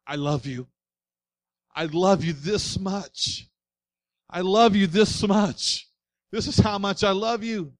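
A preacher voicing a pleading risen teacher. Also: male voice, high-pitched, slow, pauses often, dry recording. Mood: tender. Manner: impassioned, rising and intense. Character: risen teacher, tender and pleading, showing wounds.

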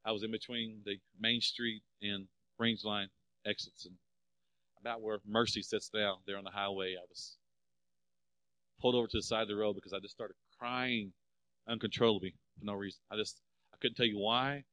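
A middle-aged man preaching a sermon as pastor, emphatic, swelling louder on key phrases and dropping low for personal stories. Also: fairly even intonation, moderate pace, dry recording.

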